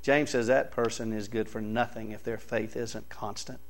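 A man's voice: on the low side, steady tone, normal speed. A man preaching a sermon, reading scripture aloud and pressing his points with rising, emphatic bursts.

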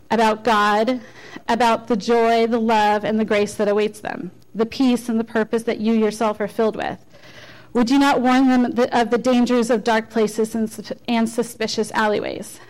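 A woman delivers a church message in an informal, conversational way. Her voice sits a little high. She pokes fun at herself and often restarts her sentences. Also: low-quality recording. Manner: conversational, self-deprecating, with frequent restarts. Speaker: lay speaker giving a church message. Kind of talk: informal sermon.

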